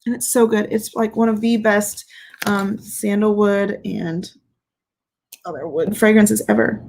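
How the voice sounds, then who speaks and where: A woman's voice: medium pitch, fairly even intonation, measured pace, gravelly, darkish tone, a little hiss or hum. A woman hosting a casual livestream as a fragrance reviewer, speaking candidly and playfully, swearing freely and laughing often. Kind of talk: casual livestream chat, reading viewer comments.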